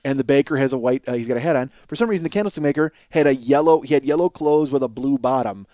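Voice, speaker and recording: Here a man in his forties from Chicago hosts a comedy podcast at a quick pace, his mid-range voice free of echo. The story he tells is long, rambling and profane, and he gets animated when riled.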